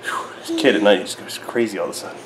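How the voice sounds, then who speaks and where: A young father filming his toddlers at home on a handheld camera, chatting casually and jumping into a high sing-song voice when he plays with them. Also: quick pace. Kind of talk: casual family vlog. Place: family home, living room. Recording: noisy home camera audio.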